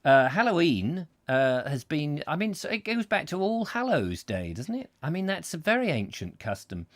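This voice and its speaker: Brief: male live-show host, lively up-and-down pitch, thinks aloud, jokes a lot. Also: normal speed. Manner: rambling, jokey, thinking aloud. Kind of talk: live comic chat show.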